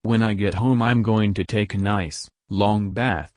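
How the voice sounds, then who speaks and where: A man voicing a gruff, weary older male detective who talks in an exasperated way. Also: lowish voice, fairly even intonation, unhurried, darkish tone, dry recording, lightly acted. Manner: exasperated, growling.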